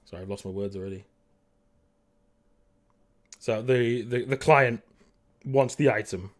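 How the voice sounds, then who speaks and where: A man running a tabletop role-playing game as game master. He narrates the scene in a loose, halting way, full of fillers and restarts. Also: medium pitch.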